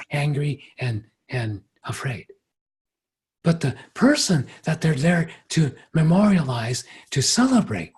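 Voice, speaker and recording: A man as a spiritual teacher giving a reflective workshop talk, gentle and unhurried, often pausing and turning lively when he quotes others. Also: fairly high pitch, breathy edge.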